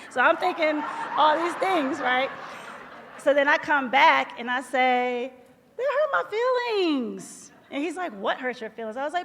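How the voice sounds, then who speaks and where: A woman co-hosting a live podcast, retelling a conversation with expressive quoted lines and a teasing edge. Her voice sits very high. The live hall adds a long reverberant tail. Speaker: podcast co-host. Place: live show venue in a large hall.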